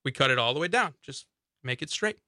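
Chatty radio co-host guy, bright slightly high voice, dry studio sound. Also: animated, a little fast, no room sound. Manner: chatty storyteller, laughs often, acts out his own thoughts. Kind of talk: casual radio chat.

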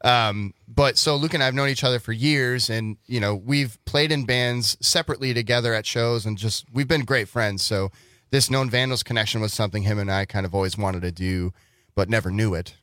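Bright-voiced upbeat musician guest, man. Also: fairly low pitch, steady tone, fairly quick, no echo. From Wisconsin. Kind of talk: casual radio chat. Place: radio studio.

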